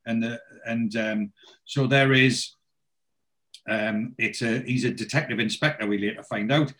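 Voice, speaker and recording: A man's voice: medium pitch, fairly even intonation, unhurried, fairly bright tone, poor audio. A man hosting a podcast, casually retelling a TV episode in a rambling way. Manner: rambling, with many fillers and restarts. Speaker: podcast host.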